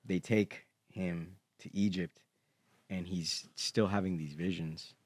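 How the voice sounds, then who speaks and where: A man's voice: sits low, steady tone, slow, darkish tone, slightly rough, no echo. A man chatting casually on a podcast, telling long stories in a rambling, hesitant way. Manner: rambling, hesitant storyteller full of fillers. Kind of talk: casual chat.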